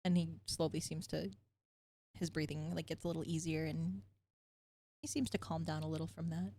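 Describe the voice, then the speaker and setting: A young woman narrating as game master, telling the story gently with frequent fillers. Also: sits low, steady tone, moderate pace.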